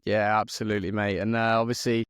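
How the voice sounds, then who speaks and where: A man's voice: fairly low pitch, level tone, fast, fairly bright tone, clean tone, dry recording, clean studio sound. An English man hosting a podcast, chatting casually and calling everyone mate. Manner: friendly, calls everyone mate. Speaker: podcast host. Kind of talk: casual chat.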